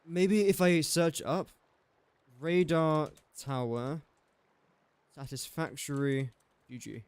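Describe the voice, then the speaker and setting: A man's voice: fairly high pitch, fairly even intonation, slow pace, a little mellow, clear, resonant tone, no echo. A young English man casually thinking aloud while streaming a building game and chatting to viewers. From England. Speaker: gaming streamer. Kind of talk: casual live-stream commentary.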